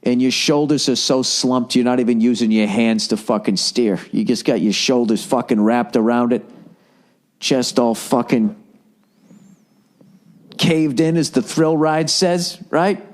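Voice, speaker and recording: A man's voice: medium pitch, a little slow, darkish tone. A middle-aged man hosts a podcast alone, talking in a loose, rambling monologue. He swears constantly and sounds exasperated as he jumps from one thought to the next. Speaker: podcast host. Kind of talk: casual ranting monologue.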